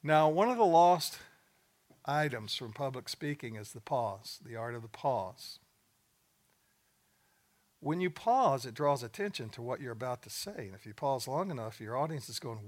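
A man's voice: mid-range voice, animated, moderate pace. Folksy older man preaching to men. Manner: folksy, plain-spoken, joking asides. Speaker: speaker at a men's gathering. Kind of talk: sermon with storytelling.

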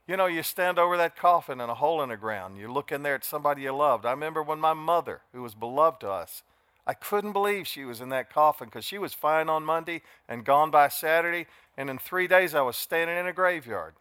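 Older male pastor, drawl, bright and slightly high voice, dramatic sermon delivery. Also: lively intonation, brisk, clean tone, no room sound, studio quality. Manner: dramatic, shifts from soft to shouting.

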